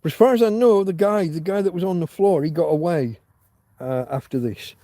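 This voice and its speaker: A man's voice: sits high, a little fast, dark tone, dry recording. A man hosting a casual livestream chat, telling a long story with many restarts and fillers, candid and swearing now and then. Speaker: livestream host.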